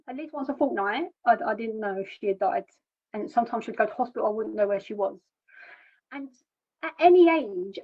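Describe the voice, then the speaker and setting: Woman giving halting personal testimony. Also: on the high side. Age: adult. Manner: plain, halting, repeats words when emotional. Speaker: charity founder sharing her story. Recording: dull lo-fi recording.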